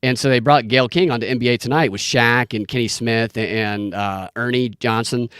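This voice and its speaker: Guy hosting a podcast, rambly storyteller, mid-pitched, dry close mic. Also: steady tone, moderate pace, a bit bright, smooth, no room sound. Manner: rambling storyteller, lots of restarts. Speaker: podcast host. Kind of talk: casual podcast chat.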